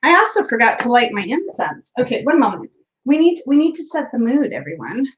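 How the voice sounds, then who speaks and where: A woman's voice: a little high, big pitch swings, a little fast, background noise. Chatty woman hosting a tarot livestream. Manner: chatty, laughs often, reads viewer comments aloud. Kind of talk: casual livestream chat. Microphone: streaming setup mic. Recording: dull lo-fi stream audio.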